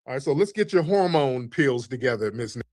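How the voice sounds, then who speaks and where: A man's voice: medium pitch, lively intonation, fairly quick, darkish tone, dry recording, studio quality. A man hosting a call-in show, mocking and insulting a caller with crude jokes. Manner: mocking, insulting, trash-talking. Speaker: host.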